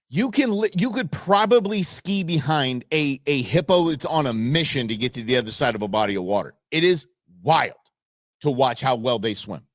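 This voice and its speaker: A man hosting a show, giving playful, animated commentary over viral videos and talking back at the footage. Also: mid-range voice, dry recording, studio quality. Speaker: show host.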